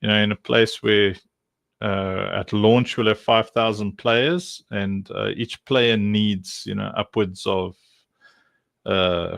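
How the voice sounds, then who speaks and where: A man's voice: lowish voice, gravelly, a bit bright, no room sound. A man from South Africa with a South African accent, hosting a livestream in casual, joking chat with many fillers. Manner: joking, laughs often, rambling with many fillers. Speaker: livestream host.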